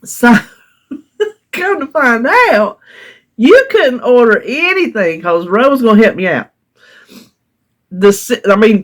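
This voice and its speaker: A woman's voice: mid-range voice, a bit bright. A woman from North Carolina with a Southern US accent, casually telling a long story in her vlog, laughing often as she recounts her frustration. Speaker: vlogger.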